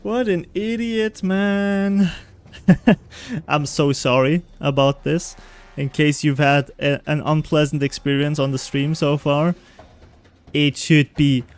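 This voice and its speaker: A man's voice: fairly high pitch, clean tone. A man chatting casually as he plays through a game on stream, joking and talking to himself and his viewers. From Britain. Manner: animated, jokey, talks to himself and chat. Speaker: gaming streamer. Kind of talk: casual let's-play commentary.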